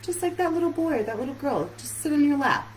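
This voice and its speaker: A woman's voice: high-pitched, lively intonation, fast, a little hiss or hum, poor audio. A woman relationship coach giving an earnest live-streamed talk that puts many questions straight to her listeners.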